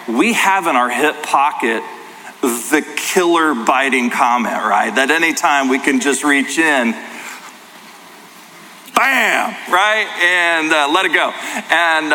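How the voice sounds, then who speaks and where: A middle-aged man pastor giving a sermon, talking in an animated, conversational storytelling way. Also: medium pitch, slight background noise. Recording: hall reverb, faint ambience.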